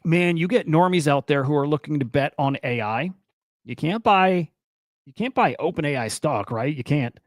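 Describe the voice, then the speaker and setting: A young man runs a casual crypto news stream in a fairly high voice, loose and rambling and quick to swear when he gets worked up. The sound is close and dry, with no room around it. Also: dry recording. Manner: loose, profane, rambling, excitable. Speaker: crypto and NFT news host. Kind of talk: casual live-stream commentary.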